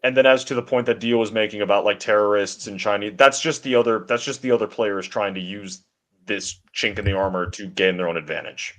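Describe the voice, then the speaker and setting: A man's voice: fairly low pitch, a little fast, fairly bright tone. A man co-hosting a political talk stream who talks in long, assertive, opinionated stretches.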